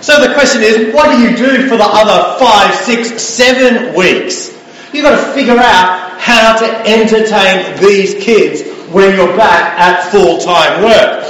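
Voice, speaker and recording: A man's voice: high voice, measured pace, a little hiss or hum. A middle-aged man preaching a sermon as a guest speaker, telling stories in a conversational way and letting phrases trail off. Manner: conversational, animated storytelling with dropping trailing phrases. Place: church. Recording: echoey hall, heard from far off.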